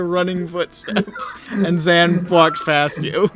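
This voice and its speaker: A man running a tabletop game as game master, narrating haltingly with many fillers and frequent laughter. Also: medium pitch, fairly bright tone, faint music behind.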